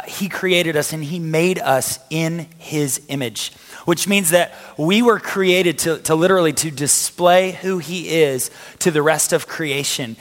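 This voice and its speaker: A man preaching a conversational sermon to a live congregation, with energetic restarts and a voice going hoarse. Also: fairly high pitch. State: losing his voice. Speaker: pastor. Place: church hall with a live audience. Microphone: handheld or stage mic. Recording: long hall reverb.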